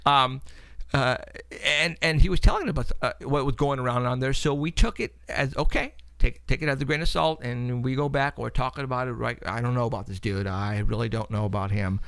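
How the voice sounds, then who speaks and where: A man's voice: medium pitch, fairly even intonation, brisk, vocal fry, fairly bright tone, clear, resonant tone, no room sound. A man hosting a paranormal talk show, telling a long story in a rambling way, repeating words and laughing often.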